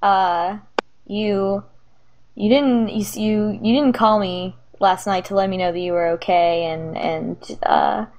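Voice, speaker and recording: A woman's voice: medium pitch, lightly acted. Woman playing an uneasy middle-aged father, tabletop game, stumbling, hesitant phrasing. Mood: earnest worried. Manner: halting, stumbling over words.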